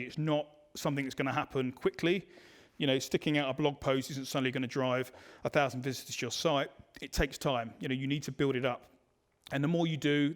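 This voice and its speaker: A man presenting a digital marketing webinar in a conversational way, full of fillers and restarts. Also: medium pitch. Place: online webinar.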